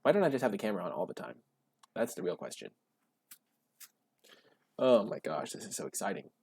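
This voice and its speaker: A man giving casual gameplay commentary while drafting cards, gushing and breaking into high excited shouts. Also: brisk, creaky, slightly rough, no room sound. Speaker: card game drafting streamer.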